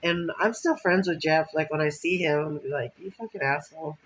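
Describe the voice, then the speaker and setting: A woman's voice: deep voice, steady tone, normal speed, rough recording. A woman telling rambling stories from her life in a casual monologue, swearing and laughing often. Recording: faint background noise.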